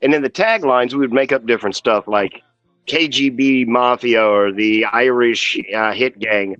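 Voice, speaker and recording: A man's voice: medium pitch, normal speed, fairly bright tone, no echo. A man joining a casual stream chat as a guest, telling easygoing stories. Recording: dull dry lo-fi audio.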